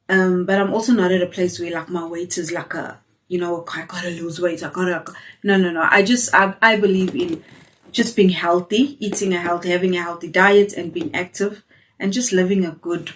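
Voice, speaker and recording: A woman chats candidly to her viewers. She talks in a lowish voice, full of restarts and fillers. She sits a bit back from the mic. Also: far from the mic. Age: 40s. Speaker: vlogger. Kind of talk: casual chat to camera.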